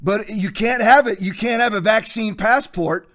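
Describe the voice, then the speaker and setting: A man hosting a show, preaching commentary in a forceful, hectoring way with repeated phrases. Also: high-pitched, normal speed. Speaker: host.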